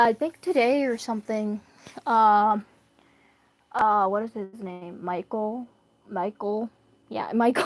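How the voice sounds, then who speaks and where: A woman's voice: medium pitch, dry recording. Rambling young woman, dry close sound. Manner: rambling, self-deprecating, bursts of laughter. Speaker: streamer. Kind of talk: casual chat while reading a story.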